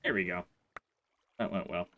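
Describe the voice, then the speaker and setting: A man's voice: sits low, fairly even intonation, moderate pace, narrow, tinny audio. A man hosting a casual let's play, commenting on his gameplay and grumbling in exasperation at his in-game horse.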